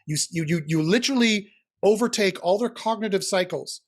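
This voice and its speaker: High-voiced middle-aged male lecturer. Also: fairly quick. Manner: explanatory, lecturing. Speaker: guest, philosopher and teacher. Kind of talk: casual interview answers.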